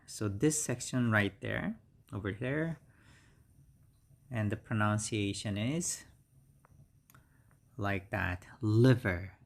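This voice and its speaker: A middle-aged man whose first language is Korean, teaching beginner English vocabulary slowly and repeating each word several times. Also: fairly low pitch, creaky. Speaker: English instructor. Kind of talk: slow beginner vocabulary lesson.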